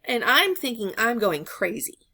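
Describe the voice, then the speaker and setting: A woman's voice: a little high, sing-song, normal speed, pushed and bright. A woman in her thirties chatting casually to camera, rambling through a story with lots of filler words. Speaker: reseller vlogger.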